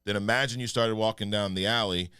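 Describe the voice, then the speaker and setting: A man co-hosting a podcast in casual, animated chat, joking and mimicking voices. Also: fairly low pitch, fast talker, clean tone, dry recording, clean studio sound. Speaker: podcast co-host.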